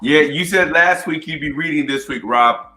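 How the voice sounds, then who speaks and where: A man's voice: a little high, moderate pace, over music. An older man on a video call who helps run a reading group, joking with the others and thanking the readers. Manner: jovial, teasing, warm thanks.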